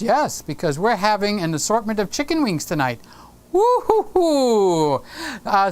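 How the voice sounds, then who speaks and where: A man's voice: sits high, a bit bright, clear, resonant tone. A man hosting a casual live stream from his home studio, playfully teasing viewers and greeting them by name.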